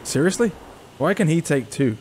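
A man's voice: a little high, very animated, moderate pace, a little mellow, a little hiss or hum. A man giving casual let's-play commentary, muttering to himself and breaking into frustrated outbursts. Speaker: gaming YouTuber. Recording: game gunfire and explosions behind voice. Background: game gunfire and explosions.

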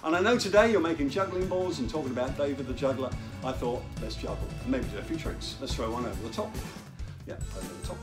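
A man presenting to children in a playful, excitable way, joking and laughing while he juggles. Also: a little high, a little fast, music in the background. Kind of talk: energetic talk to children.

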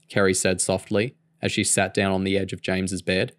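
A man reading a novel aloud in a steady, even storytelling manner. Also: low voice, moderate pace, few pauses, dry recording. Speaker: audiobook reader.

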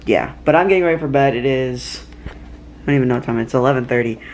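A man's voice: medium pitch, fast, a little hiss or hum. A tired young man vlogging casually at home at night, rambling with lots of fillers and restarts. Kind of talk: casual chat to camera.

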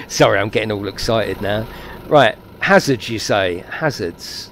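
A man giving excitable, chatty live commentary while streaming a game and talking to his viewers. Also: lowish voice, a little slow, pauses often, slight background noise.

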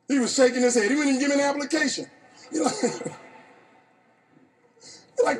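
A man in his fifties from New Orleans, with a New Orleans accent, giving an animated, playful storytelling speech to an audience. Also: sits high, fast talker, slightly rough. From New Orleans, Louisiana. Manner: animated, playful, laughs at his own stories. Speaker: motivational speaker.

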